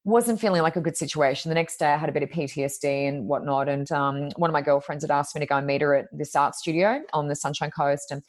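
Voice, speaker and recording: A woman talks in a notably low voice. She speaks as a guest medium on a podcast. Her storytelling is chatty and rambling, loose with ums and likes. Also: fairly even intonation, fast talker, hardly any pauses. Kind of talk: conversational storytelling.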